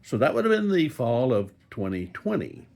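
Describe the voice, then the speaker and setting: A man's voice: mid-range voice, sing-song, normal speed, creaky, a little mellow. An older man vlogging casually from a hospital room, rambling and folksy with joking asides. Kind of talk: casual talk to camera.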